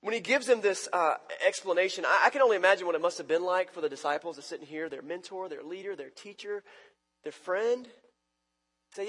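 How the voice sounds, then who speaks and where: A man with a high, husky voice preaches a casual, conversational sermon. He acts out quotes, swinging from loud outbursts to quiet asides. His voice rings through the long reverb of a church hall. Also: brisk. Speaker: pastor.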